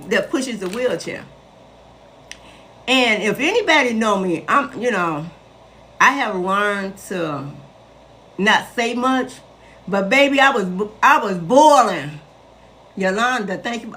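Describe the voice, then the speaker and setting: Hosting a casual live stream, a west-side Chicago woman in her sixties tells a story to her viewers, chatty and emphatic. Her voice is fairly high, pushed and bright.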